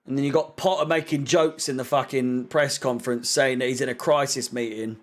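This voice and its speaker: A man's voice: mid-range voice, fairly even intonation, a little fast. A young man doing live football watch-along commentary, ranting in frustration, swearing and sarcastic. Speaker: fan channel co-host.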